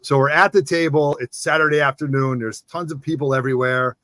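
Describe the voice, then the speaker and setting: A man co-hosting a casual comic collecting show, telling stories excitedly and acting out other people's lines. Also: medium pitch, a little fast, no room sound. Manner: excitable, acts out quotes in raised voices. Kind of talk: casual chat, animated storytelling.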